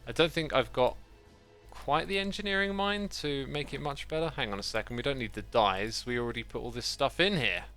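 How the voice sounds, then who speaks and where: A man chats to his livestream audience while playing, thinking aloud and drifting off on tangents. His voice has a bright, forward edge, and soft music plays quietly behind him. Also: medium pitch, lively intonation, brisk. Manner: rambling, thinks aloud, thanks chat. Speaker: game streamer. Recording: faint background music.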